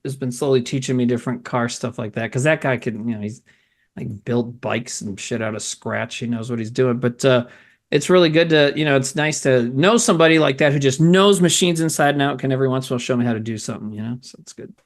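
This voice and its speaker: A man's voice: mid-range voice, quick pace. A middle-aged man co-hosting a podcast, chatting casually and rambling, swearing and laughing often. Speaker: podcast co-host. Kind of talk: casual chat.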